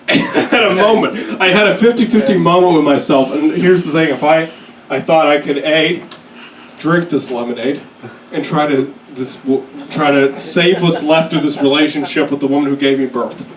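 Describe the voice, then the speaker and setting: Young male comedian, crude self-mocking stories, slightly high voice, echoey room heard from a distance. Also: a crowd in the background. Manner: crude, self-deprecating storytelling with quick put-on voices. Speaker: stand-up comedian. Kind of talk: stand-up set. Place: comedy club stage. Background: audience laughter.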